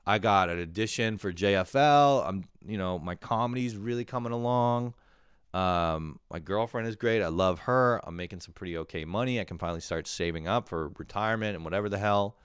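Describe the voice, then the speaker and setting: Profane, rambling young man with a smooth, low voice. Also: no room sound, studio quality. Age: young adult. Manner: profane, rambling, exasperated ranting. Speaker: comedian podcast host. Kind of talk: casual comedic monologue.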